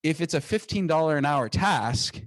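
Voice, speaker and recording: A man's voice: fairly high pitch, animated, moderate pace, no room sound. A man, a company founder, talking energetically as an interview guest, often restarting and repeating words. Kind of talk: conversational podcast interview.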